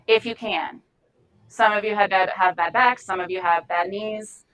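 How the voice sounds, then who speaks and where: A woman giving an informal training talk to volunteers. Her voice sits at an ordinary mid pitch. She speaks frankly and chattily, with plenty of lively asides. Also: moderate pace, rough recording.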